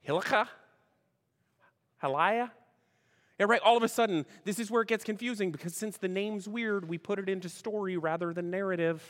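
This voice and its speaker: A high-voiced pastor preaches a sermon at a moderate pace, chatty and full of questions for the congregation. He greets online viewers by name, and the recording carries the long reverb of a large room.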